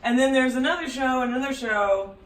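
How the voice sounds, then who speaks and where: A woman's voice: sits high, brisk, recorded from a distance, a little hiss or hum. A woman singer-songwriter chatting as a guest, chatty with wry asides. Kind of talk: casual chat. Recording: echoey room, voice a bit off-mic.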